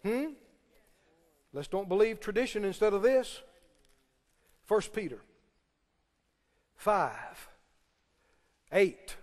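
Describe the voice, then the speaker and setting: High, lively-voiced preacher in a hall. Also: male voice, takes it slowly, pauses often. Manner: emphatic, questioning the congregation. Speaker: pastor. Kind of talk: sermon.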